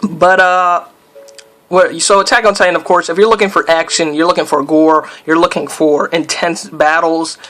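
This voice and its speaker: A man's voice: fairly high pitch, steady tone, normal speed, sharp tone, faint music behind. A man from the United States giving loose, rambling commentary over his own gameplay, with lots of fillers and sudden yelps. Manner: breaks off into startled yelps at the game. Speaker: let's player.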